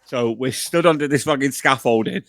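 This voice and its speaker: Sweary animated podcast host. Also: male voice, medium pitch, normal speed, no room sound, clean studio sound. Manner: sweary, animated, often shouts when retelling. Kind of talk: casual chat, storytelling.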